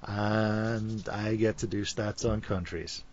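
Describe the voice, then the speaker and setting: A man's voice: on the low side, flat delivery, slow pace, dull audio. A man with a Liverpool Scouse accent, co-hosting a podcast in casual, joking chat. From Liverpool, England. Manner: joking, playful banter. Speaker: podcast co-host.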